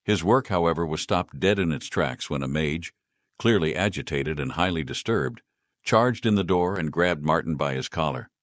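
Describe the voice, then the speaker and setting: Brief: deep male narrator for a sci-fi short story, dry close voice-over. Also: no room sound. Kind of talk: scripted narration.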